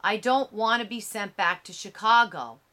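A woman reading the lines of a ghostly teenage boy in an audiobook, quiet and confessional. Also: medium pitch, moderate pace, close to an everyday voice. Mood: confessing.

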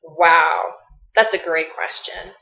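A woman vlogger with a fairly low, creaky voice speaks slowly to her laptop webcam, chatting casually and playfully while teasing herself. The laptop audio is roomy and slightly dull.

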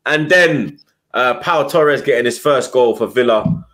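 A man's voice: medium pitch, measured pace. A man hosting a casual football podcast, swearing and teasing his co-hosts. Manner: swears a lot, teasing, loud. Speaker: podcast host.

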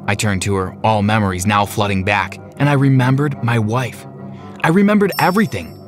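A man telling a first-person story as narrator, dramatic and slowing down for the tense moments. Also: on the low side, animated. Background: background music.

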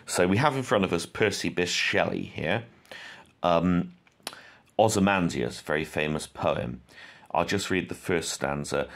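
Man, very low voice, creaky, rambling poetry teacher, lots of ums. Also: lively intonation. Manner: rambling, many fillers, reads verse aloud slowly. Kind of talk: informal spoken lesson.

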